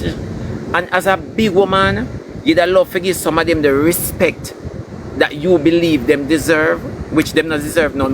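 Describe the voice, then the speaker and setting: A man's voice: mid-range voice, background noise. A man with a Jamaican accent delivering a scolding, preachy rant full of emphatic repetition. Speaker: entertainer ranting online. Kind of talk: ranting commentary.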